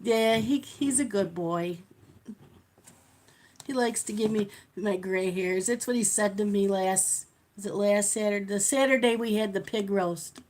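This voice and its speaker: A middle-aged woman with a mid-range, slightly mellow voice hosts a live coloring stream at a measured pace. She chats casually and tells stories while she colors, laughing often.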